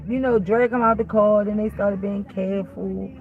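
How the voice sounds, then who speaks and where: Through narrow, tinny audio, a vlog host with a medium-pitched voice speaks at normal speed. She retells a story in a blunt, profane, animated way, voicing both people in the conversation herself.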